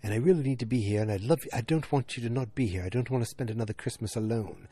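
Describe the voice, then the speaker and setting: A man's voice: mid-range voice, fast, dark tone, breathy edge, no room sound, natural voice. A man voicing a reserved, worried middle-aged husband who pleads in an earnest rush.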